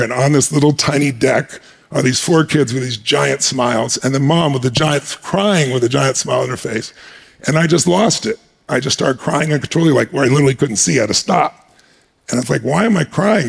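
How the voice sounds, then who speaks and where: A man telling a personal story on stage as a guest speaker, animated and emphatic, acting out the scenes. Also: mid-range voice, vocal fry, slightly rough.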